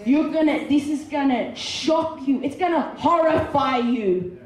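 Woman preacher, high-pitched, slow and emphatic, reverberant hall sound. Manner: impassioned, retelling story with voiced characters. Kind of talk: sermon. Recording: very echoey hall.

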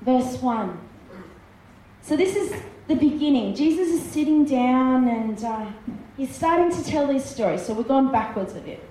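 High-voiced woman preaching in an echoey hall. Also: lively intonation, normal speed, warm tone, a little hiss or hum. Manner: emphatic, repeating words for effect. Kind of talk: sermon with Bible reading. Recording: echoey room with faint ambience.

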